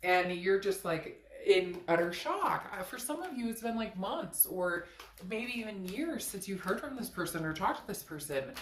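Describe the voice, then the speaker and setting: Animated woman in an echoey room. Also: moderate pace, a little hiss or hum. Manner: animated, frank, swears, acts out quoted lines in a high voice. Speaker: tarot reader. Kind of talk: casual tarot reading.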